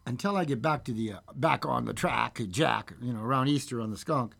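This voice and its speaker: A man's voice: medium pitch, a little fast, creaky. A man who sings and plays guitar, chatting casually and jokingly between songs and bantering with himself. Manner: playful, jokey banter with himself. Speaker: singer and guitarist. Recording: loud guitar music over the voice.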